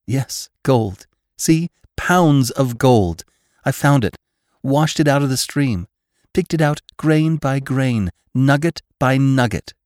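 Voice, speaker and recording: A man's voice: fairly low pitch, measured pace, pauses often, a little mellow, no room sound, clean studio sound. A man voicing a shy, devoted young frontier woman who speaks earnestly and hesitantly. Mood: eager.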